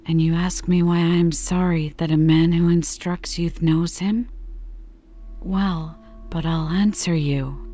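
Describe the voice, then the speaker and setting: A woman voicing a loud, scornful, overbearing male lawyer in a dull lo-fi recording. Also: fairly low pitch. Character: blustering bullying male lawyer.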